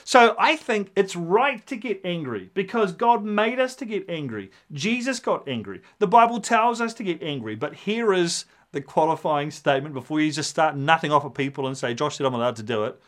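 A man preaching a sermon, animated and storytelling, acting out the voices in his quotes. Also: sits high, moderate pace, hardly any pauses. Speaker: pastor.

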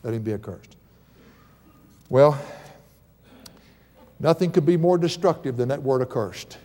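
Middle-aged pastor preaching in a hall. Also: male voice, mid-range voice, normal speed, pauses often, darkish tone. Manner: conversational, emphatic preaching with asides and humor. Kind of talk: sermon. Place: church sanctuary. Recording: long hall reverb.

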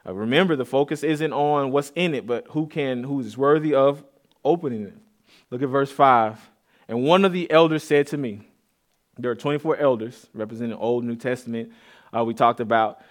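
A man's voice: mid-range voice, normal speed. A man preaching a casual, conversational sermon in a church. He repeats and restarts words and builds to emphatic peaks. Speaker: pastor.

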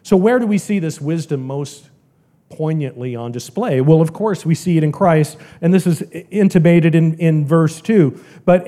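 Male pastor preaching in church: earnest, emphatic delivery, slightly high mellow tone. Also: moderate pace. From American South. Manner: earnest, emphatic preaching with wide swings in loudness. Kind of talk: sermon.

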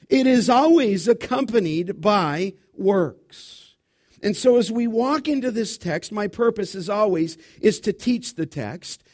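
A middle-aged male pastor preaching an expository sermon, emphatic and slowing down to stress key words. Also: high voice, a little mellow.

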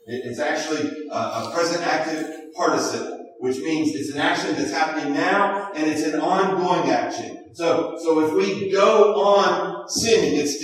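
A man preaching a sermon as pastor, earnest, often repeating a word as he starts a phrase. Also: on the high side. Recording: echoey hall from far off.

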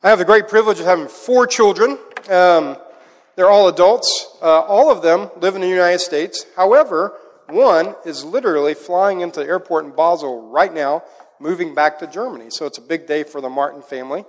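Middle-aged male pastor, high voice, animated storyteller, big reverberant church sound. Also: normal speed. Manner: animated storytelling, acts out a child's voice in quotes. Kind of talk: sermon with personal stories. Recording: long hall reverb.

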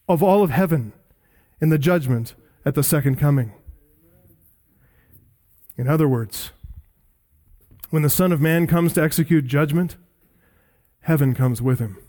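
A male preacher delivering a sermon, emphatic, rising for stress and dropping low for weight. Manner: emphatic, swinging between loud rises and low drops.

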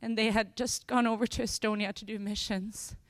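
Woman preacher, sermon, expressive, slows on key phrases, dry close sound. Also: medium pitch, no echo. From Sweden. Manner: expressive, acts out scenes with sudden loud bursts.

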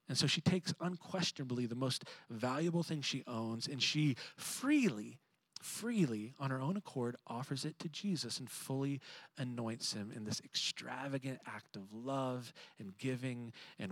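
A man preaching a sermon, moving between animated emphasis and hushed, reflective passages. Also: medium pitch, slightly rough, dry recording. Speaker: pastor.

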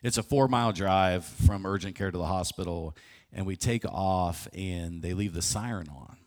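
A man's voice: low voice, normal speed, a little mellow. A man preaching a sermon, telling a personal story vividly and often restarting his phrases. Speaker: pastor. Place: church sanctuary.

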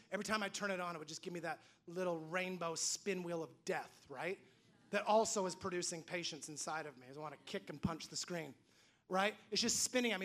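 A man in his thirties delivers a church sermon with a high, ringing voice. His tone is bright and forward, and he slips into little acted-out quotes as he tells stories. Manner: animated storytelling, acts out quoted voices. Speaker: pastor.

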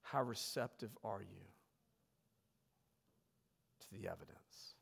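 A man's voice: slow pace, vocal fry, breathy edge. Emphatic male pastor in a reverberant sanctuary. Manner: emphatic preaching, swells loud then drops low. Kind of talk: sermon. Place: church sanctuary.

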